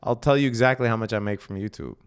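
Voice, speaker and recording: Explaining day trading casually on a live stream, a man speaks fast with a clear, resonant voice on the low side. He reads viewer comments out and fires back blunt answers, swearing now and then and often adding "right?"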